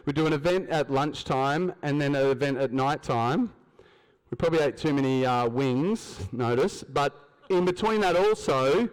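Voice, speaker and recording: An Australian man giving a motivational stage talk at a business event, telling stories, acting out dialogue and asking the crowd questions. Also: on the high side. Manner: storytelling, acts out dialogue, asks the crowd questions. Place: large event hall, on stage. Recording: long hall reverb.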